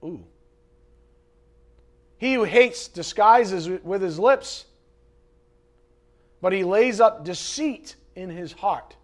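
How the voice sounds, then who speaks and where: A man preaching a sermon, dramatic, swinging from loud emphasis to hushed asides. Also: high voice, expressive, slow, pauses often. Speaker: pastor.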